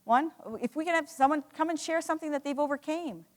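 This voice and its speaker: A woman's voice: high voice, quick pace. A woman giving an earnest, emotional motivational talk to a live audience, telling her story with many restarts. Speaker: speaker. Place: hall. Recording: echoey hall.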